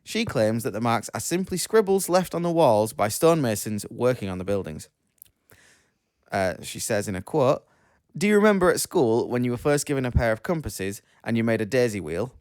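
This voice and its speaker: A man sits close to a dry, dead-sounding mic and reads out odd news stories. His delivery is matter-of-fact and unhurried, with the occasional stumble over a word. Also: mid-range voice, sing-song, darkish tone, smooth, no echo. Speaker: podcast co-host. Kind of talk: casual chat and news reading.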